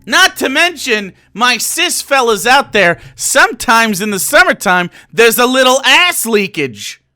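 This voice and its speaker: A man streaming a reaction to a podcast, sarcastic and profane, swinging between mocking asides and shouted outbursts. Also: very high-pitched, big pitch swings, measured pace. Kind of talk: ranting reaction commentary.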